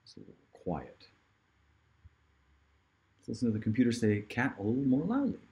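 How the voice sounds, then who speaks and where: A man giving a casual online pronunciation lesson, playful and joking, drilling words slowly for the listener to repeat. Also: medium pitch, wildly swooping pitch, darkish tone, highs cut off. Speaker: pronunciation teacher. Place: outdoors in hot sun.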